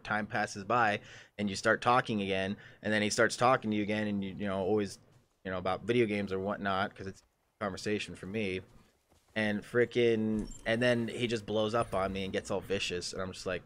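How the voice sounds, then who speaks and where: A man's voice: fairly low pitch, fairly quick, a bit bright. A young man streaming a game, telling rambling, profane stories in casual chat with frequent restarts. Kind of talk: casual chat while gaming live.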